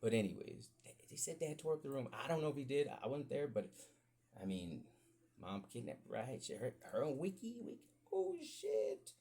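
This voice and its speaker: Gravelly, rambling man telling stories. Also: medium pitch, brisk. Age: adult with children. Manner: rambling, profane, animated, acts out quotes. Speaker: podcast host. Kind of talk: casual storytelling.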